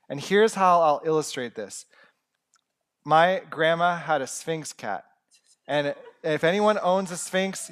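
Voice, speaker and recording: A young man preaching a sermon in an earnest, conversational way with humorous asides. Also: a little high.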